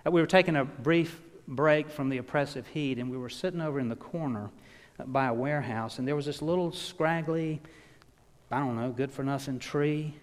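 Man preaching in a reverberant church. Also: medium pitch. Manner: storytelling, swings from loud emphasis to hushed. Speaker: pastor. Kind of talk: sermon. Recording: long reverb of a church hall.

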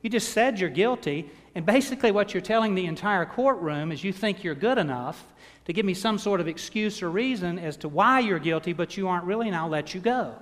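A man's voice: high voice, lively intonation, fairly quick, hardly any pauses, a bit bright, in a large hall. A man voicing a stern, blunt male traffic court judge who lectures a young defendant, in a retold story. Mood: scolding. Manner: lecturing, scolding.

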